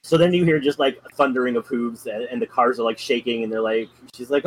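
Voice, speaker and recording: A man's voice: medium pitch, steady tone, fast, music in the background, rough recording. A man co-hosting a podcast, casually retelling a story in a rambling way, full of ums and likes. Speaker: podcast co-host.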